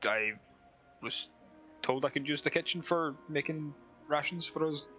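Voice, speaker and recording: A man's voice: a little high, measured pace, sharp tone, faint music behind. A man playing a tabletop game, answering in a dry, hesitant, playful way. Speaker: player. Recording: dull lo-fi mic.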